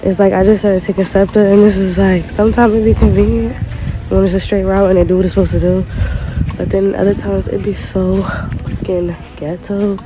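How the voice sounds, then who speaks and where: A woman's voice: medium pitch, little pitch movement, a little fast. A young woman vlogging casually from her phone, chatty and exasperated, full of slang. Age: young adult. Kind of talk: casual storytime vlog. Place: outdoors on a city street.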